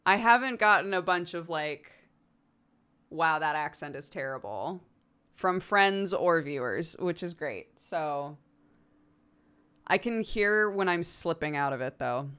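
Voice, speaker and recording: American gal chatting w her stream, bouncy lively voice, smooth and clear, laughs a lot. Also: on the low side, measured pace. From United States. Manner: chatty, laughs often, reads and answers chat. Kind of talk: casual chat with stream chat. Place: home streaming setup, lives in England.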